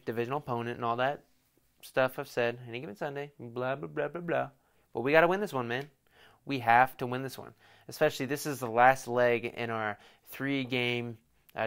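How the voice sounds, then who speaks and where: Previewing an upcoming game on his solo sports podcast, this young man jokes and rambles, speaking in quick bursts. His voice is mid-range, fairly bright, and clean.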